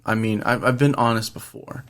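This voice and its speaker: A man's voice: mid-range voice, steady tone, normal speed, a bit bright. A man hosting a podcast, talking earnestly and rambling in casual chat, swearing freely. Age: adult, past his twenties. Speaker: podcast host.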